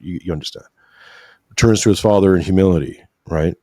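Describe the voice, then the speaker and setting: Low-voiced guy preaching a bit on a podcast, keeps saying right?, dry close sound. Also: brisk, warm tone, no echo. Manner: earnest, preachy, repeats "right?" often; emotional at times. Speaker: podcast guest. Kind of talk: conversational religious discussion.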